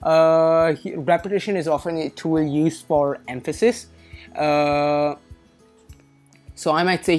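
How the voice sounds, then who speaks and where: A woman's voice: low voice, steady tone, slow, soft background music. A woman tutor explaining reading test concepts in a methodical way, correcting herself now and then with a light, wry touch. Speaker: SAT tutor. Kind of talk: explanatory lesson.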